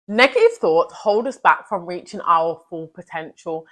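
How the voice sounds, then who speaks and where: A woman's voice: fairly low pitch, animated, normal speed. A young woman giving an emphatic, chatty motivational talk to camera, full of slang and repetition. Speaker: self-improvement vlogger.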